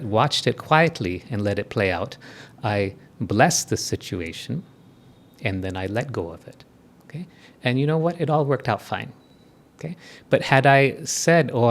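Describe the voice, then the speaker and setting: A man in his fifties giving a spiritual talk to a live audience, conversational and often checking in with listeners through quick tag questions. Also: medium pitch. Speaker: spiritual speaker.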